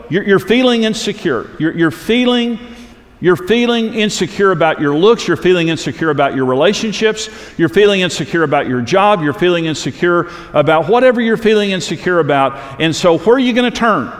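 Guy preaching in church, repeats himself for emphasis, voice a bit high, echoey hall. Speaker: pastor. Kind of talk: sermon.

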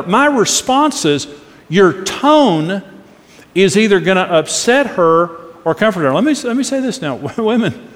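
Man, middle-aged, pastor, sermon, emphatic, earnest, higher voice, long hall reverb. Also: sing-song, measured pace. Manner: earnest, emphatic, demonstrates tones aloud. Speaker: pastor teaching on marriage.

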